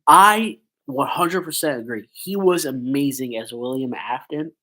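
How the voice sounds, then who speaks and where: A man's voice: mid-range voice, a little slow, sharp tone, rough recording. A man with a stuffy nose from a cold, chatting in a rambling casual commentary vlog with lots of fillers. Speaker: YouTuber.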